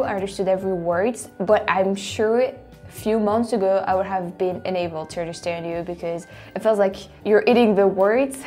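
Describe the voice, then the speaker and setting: A chatty woman with a French accent, a native French speaker, hosts a casual reaction video. She talks at a middle pitch, laughing easily and restarting her sentences, with faint music underneath. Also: darkish tone. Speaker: host.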